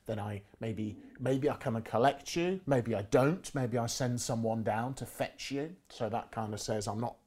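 A man's voice: medium pitch, moderate pace, few pauses, a little mellow. A middle-aged man in casual conversation who tells stories from his sales career and acts out the quoted lines with rising and falling inflection. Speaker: guest speaker on negotiation.

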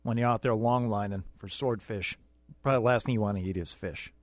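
A man's voice: fairly low pitch, quick pace, no room sound. A man co-hosting a radio show, making dry wisecracks in casual banter.

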